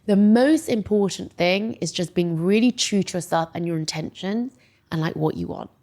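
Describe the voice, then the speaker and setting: A woman in her forties telling a personal story as a podcast guest, chatty and animated, filling her speech with "like" and jumping high when quoting people. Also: moderate pace, music in the background. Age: 40s. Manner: animated storyteller, many "like"s, voices quotes high. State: emotional, near tears. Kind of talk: casual interview chat.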